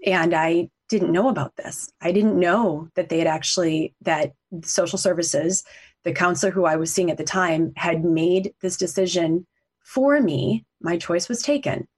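A woman's voice: lowish voice, measured pace, darkish tone, breathy edge. A middle-aged woman, a coach and author, telling a personal story in an earnest, heartfelt way on a podcast. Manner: earnest, heartfelt, talks through tears at times.

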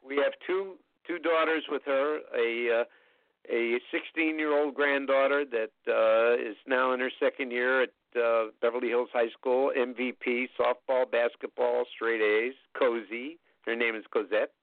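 An older man telling rambling, chatty anecdotes as an interview guest, with frequent pauses. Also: medium pitch, steady tone, no echo, narrow, tinny audio. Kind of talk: storytelling anecdotes in casual conversation.

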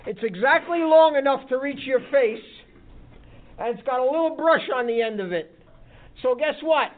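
God as a patient teasing father figure, guy doing the voice, highish, sounds like an old phone line. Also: expressive, moderate pace.

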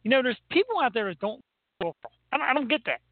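A man's voice: extremely high pitch, very animated, rapid-fire, dry recording. Joking man with a Philly accent. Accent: Philadelphia. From Philadelphia area. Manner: joking, rambling, teasing. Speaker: co-host. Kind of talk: casual chat. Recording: tinny phone-like call audio, dry.

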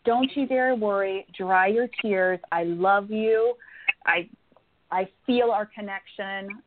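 A woman's voice: medium pitch, slow. A woman psychic medium giving call-in readings on the radio, talking emphatically and repeating words for stress. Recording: phone-line sound.

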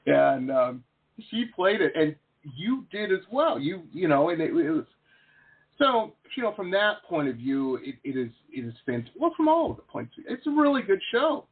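A man's voice: a little high, big pitch swings, normal speed, husky. A man hosting an interview over a video call, chatty, jokey and rambling. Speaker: host, painter. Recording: tinny phone-like call audio.

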